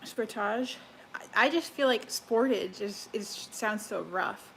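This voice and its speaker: A woman's voice: mid-range voice, slow, gravelly, slight background noise, rough recording. A young Canadian woman from Alberta, chatting casually to her viewers on a live stream, rambling with fillers and restarts. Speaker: livestreamer. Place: home kitchen, cooking.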